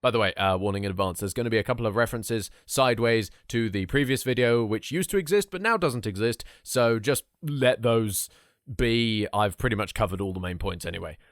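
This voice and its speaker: A man's voice: fairly low pitch, brisk, no room sound, clean studio sound. A man giving a casual vlog update with wry joking asides. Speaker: YouTuber.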